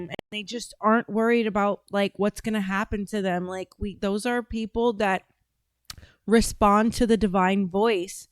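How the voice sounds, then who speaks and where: A woman's voice: mid-range voice, steady tone, unhurried, smooth, dry recording, studio quality. A woman hosting a casual livestream, reacting to clips and chatting with viewers in a blunt, profane way. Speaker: livestream host.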